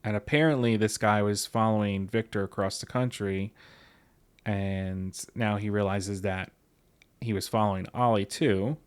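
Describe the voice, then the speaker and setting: A man's voice: lowish voice, fairly even intonation, a little slow, clear, resonant tone. A man hosting a podcast book club, casually paraphrasing a story from memory. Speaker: podcast host.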